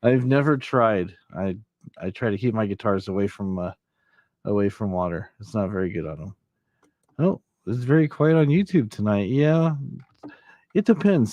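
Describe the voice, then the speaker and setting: A man's voice: medium pitch, darkish tone, no echo, muffled recording. A man hosting a casual late-night livestream, rambling and laughing as he chats with viewers, his throat a little scratchy from allergies. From Southern California. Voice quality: slightly scratchy. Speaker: livestream host. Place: old house.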